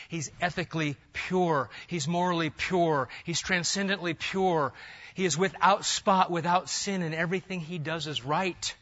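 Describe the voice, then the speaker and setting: A man's voice: on the high side, normal speed, fairly bright tone. A man preaching a sermon as pastor, building his points in emphatic rising lists. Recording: dull lo-fi sound.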